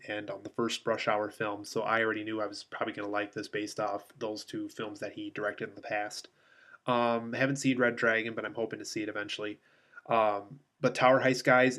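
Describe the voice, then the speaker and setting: A man's voice: lowish voice, a bit bright. A man giving a casual spoken movie review, rambling along with many filler ums and restarts.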